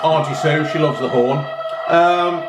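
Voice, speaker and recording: A slightly tipsy man hosts a casual drinks review vlog, rambling, joking and chatting as he goes. His voice is a little high and unhurried, heard over loud music in a room with a roomy echo.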